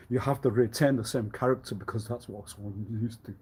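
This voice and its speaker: A man rambling alone on a livestream in a meandering way, repeating himself and often clearing his throat. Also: medium pitch, steady tone, normal speed, a little mellow. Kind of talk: rambling solo livestream monologue.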